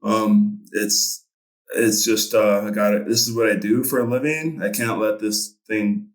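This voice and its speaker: Middle-aged man, fishing guide, loose rambling storyteller; low voice, echoey room with light music behind. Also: steady tone, measured pace. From Montana. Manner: rambling, with many fillers and restarts. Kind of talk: casual storytelling interview.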